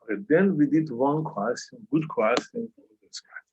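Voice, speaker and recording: A man's voice: mid-range voice, normal speed, muffled recording, a little hiss or hum. A man teaching a calculus lesson over a video call, who keeps checking understanding with a questioning "yeah?". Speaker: math tutor.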